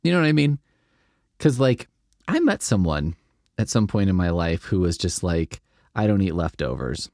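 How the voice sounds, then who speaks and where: Rambling wry podcast man, lively pitch. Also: normal speed, pauses often, no room sound, studio quality. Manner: rambling, wry, often trailing off. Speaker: podcast host. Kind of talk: comedic script reading and riffing.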